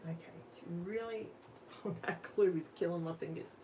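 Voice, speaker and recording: A woman's voice: fairly low pitch, moderate pace, background noise. An Australian woman hosting a live crafting stream, chatting casually with her viewers while she works. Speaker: crafting livestream host.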